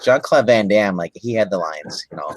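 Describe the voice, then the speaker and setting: A man as guest on a casual movie podcast, talking in halting bursts with many restarts. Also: on the low side, lively intonation, no echo. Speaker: co-host guest. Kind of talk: casual movie review chat.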